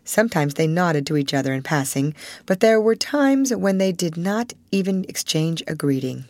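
A woman narrating a classic novel aloud with an expressive storytelling cadence. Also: lowish voice, moderate pace, no echo. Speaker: audiobook narrator.

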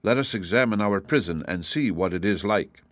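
A kindly old wizard explains things in a low, measured, patient voice, recorded close and dry for a storybook, as a man puts him on. He sounds steady and reassuring. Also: dry recording, lightly acted. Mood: calm. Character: calm, kindly little old male wizard. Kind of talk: audiobook reading.

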